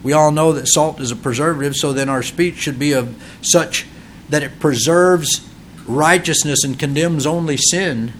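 A male pastor delivers a sermon at a moderate pace in a fairly high voice, posing rhetorical questions and building up to emphatic peaks. He acts out quoted voices of children and parents, and there's slight background noise.

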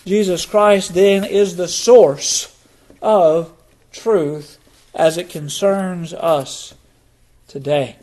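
A middle-aged man preaching a sermon, slow and deliberate, letting key words drop low for emphasis. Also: darkish tone. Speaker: pastor.

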